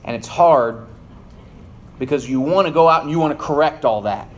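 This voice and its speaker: At a moderate pace, a man reads a scripture passage and then expounds on it earnestly and emphatically, his phrases often falling low at the end, as he preaches.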